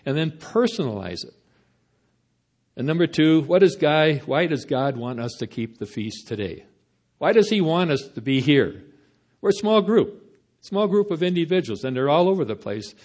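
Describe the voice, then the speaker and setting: Male preacher, folksy sermon, mid-pitched, stops and restarts. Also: a little mellow. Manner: conversational, halting storytelling.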